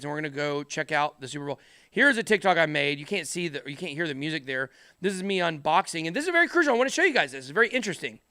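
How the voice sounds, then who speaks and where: A middle-aged man talks to the camera in a high, bright, forceful voice. He rambles energetically and slips in jokes. The sound is close and dry. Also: clean tone, no echo. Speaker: crypto channel host. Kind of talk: casual chat to camera.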